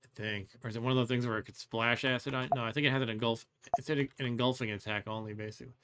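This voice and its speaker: A man's voice: medium pitch, fairly even intonation, rapid-fire, background noise. Man thinking aloud over a game. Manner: thinks aloud, muses and second-guesses. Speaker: host. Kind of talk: let's play commentary.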